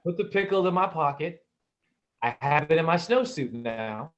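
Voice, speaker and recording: A man's voice: on the high side, expressive, normal speed, muffled recording. A man telling funny childhood stories on a podcast, acting out the voices of the people in them. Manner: theatrical, acts out voices in his stories. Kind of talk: animated comic storytelling.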